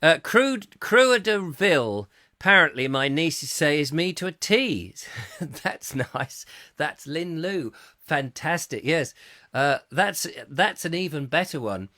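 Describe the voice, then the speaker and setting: A man hosting a live chat show, reading out viewer comments with jokey, mock-indignant asides, his throat going a little hoarse. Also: on the high side, expressive, slow, bright, forceful tone, no echo, clean studio sound. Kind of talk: casual ranty live-stream chat.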